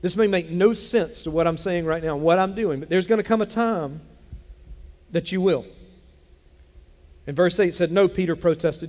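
Male pastor, sermon, lively storytelling, slightly high voice, reverberant church hall. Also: normal speed, long pauses. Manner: animated storytelling, acts out Bible characters. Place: church sanctuary.

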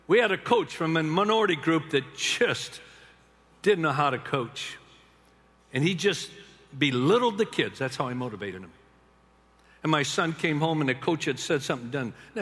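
An older man telling stories in a sermon to a large gathering of men, swinging between hushed tenderness and loud emphasis. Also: a little high, slightly rough. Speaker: speaker to a men's gathering. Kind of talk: sermon-style storytelling talk. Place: large arena or stadium. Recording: long hall reverb.

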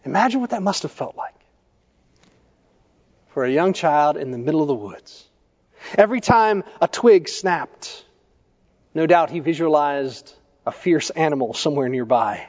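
A male pastor preaching a sermon, telling stories in a measured way and putting questions to the congregation. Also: on the high side, lively intonation, a little mellow. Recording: echoey church hall, dull lo-fi sound.

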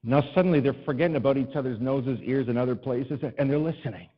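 A male pastor telling a personal story in a sermon, animated and self-deprecating, rising to exasperated cries to God. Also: mid-range voice, quick pace, long reverb tail, highs cut off.

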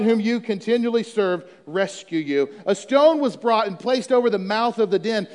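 A man's voice: high voice, smooth, in a large hall. A man preaching a sermon as pastor, reading scripture and talking conversationally with humorous asides.

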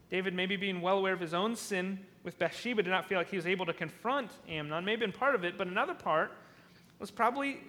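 A man's voice: high-pitched, sharp tone, long reverb tail. A man preaching a sermon, retelling a scripture passage and acting out its lines, often repeating and restarting words. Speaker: pastor.

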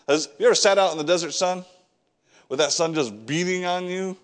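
A man's voice: sits high, a little fast. A man preaching a sermon, reading scripture and acting out the prophet's prayers, repeating words as he builds each point. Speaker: pastor.

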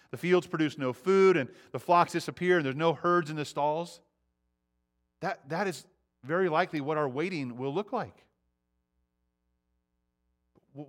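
A man preaching a sermon, shifting between hushed reflection and fervent appeals, often repeating his words as he goes. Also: fairly high pitch. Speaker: pastor.

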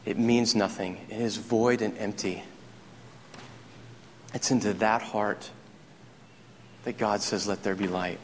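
A man preaching a sermon as pastor, telling stories with rising excitement. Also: fairly low pitch, slow pace, long pauses, in a large hall, slight background noise. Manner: animated, storytelling preacher who gets excited. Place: church sanctuary.

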